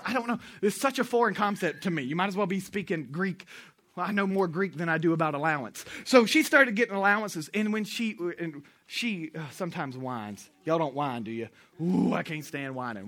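A man's voice: high-pitched, lively intonation, brisk, fairly bright tone. A man preaching a sermon in a conversational, storytelling way, drawing call-and-response from the congregation. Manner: conversational, storytelling, with asides to the audience. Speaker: pastor.

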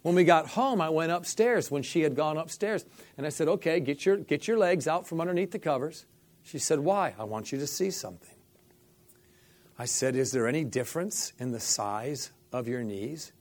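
His voice is a little high and his delivery brisk as the middle-aged minister narrates a story for an interview. Animated throughout, he plays out the dialogue and leans on the phrase "I said" repeatedly.

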